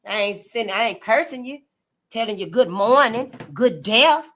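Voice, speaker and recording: Blunt, cussing woman with a bright voice. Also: fairly high pitch, expressive, normal speed. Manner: emphatic, blunt and freely cussing; preachy, repeats points to drive them home. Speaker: channel host. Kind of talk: casual spoken commentary monologue.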